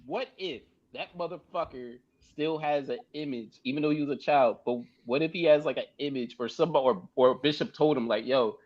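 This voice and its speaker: A man co-hosting a casual podcast, chiming in with agreement and theories and swearing freely. His voice sits a little high and moves a lot. The mic sounds dull and muffled. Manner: chimes in with quick agreement, swears, speculates. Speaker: podcast co-host. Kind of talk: casual chat.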